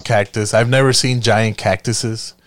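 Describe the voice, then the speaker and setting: A young adult man from Chicago, telling a profane, animated story in casual chat and acting out the other people's lines. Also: on the low side, unhurried, dry recording, clean studio sound.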